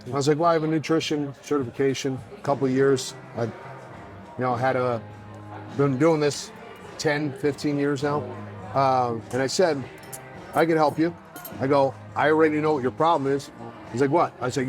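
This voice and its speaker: A man, a fitness coach chatting as a podcast guest, blunt and profane, telling animated stories. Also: on the high side, poor audio. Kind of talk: casual podcast chat.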